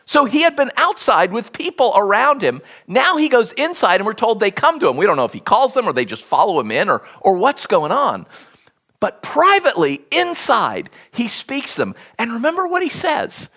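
Preacher for a sermon read, very lively pitch that leaps up and down, animated storyteller. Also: normal speed. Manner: animated storytelling, acts out quoted speech.

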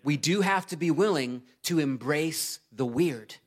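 A man in his thirties preaching a sermon, earnest and emphatic, rising to loud urgency and dropping low to read scripture. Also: lively intonation, unhurried. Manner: earnest and emphatic, swings between loud urgency and quiet reading. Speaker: pastor.

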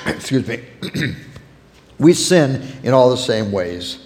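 A man preaching a sermon on parenting, earnest and warm, softening when he tells a family story. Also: medium pitch, huge pitch swings, slow. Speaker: pastor teaching on parenting. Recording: long hall reverb.

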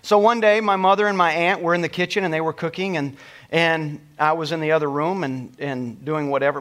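A middle-aged male preacher with a somewhat high voice tells a personal story to his congregation. His delivery is emotional and storytelling, rising with feeling and then falling soft and hushed at the tender parts. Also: steady tone, fairly quick. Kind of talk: sermon storytelling.

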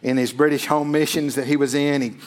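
A male pastor preaching a sermon, emphatic, swelling loud and then dropping almost to a hush, often checking in with "right?". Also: fairly high pitch, level tone, brisk.

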